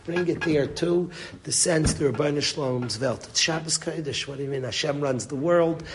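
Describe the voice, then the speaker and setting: A man's voice: fairly high pitch, fairly quick, background noise. A man giving a Torah lecture to a group, speaking earnestly and mixing Hebrew and Yiddish words into his English. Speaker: rabbi teaching a Torah class.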